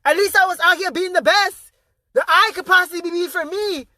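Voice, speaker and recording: Intense, high, bright-voiced male motivator. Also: moderate pace, no echo. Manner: intense, emphatic and profane, repeating key phrases. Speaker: spiritual motivational speaker. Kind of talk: motivational vlog monologue.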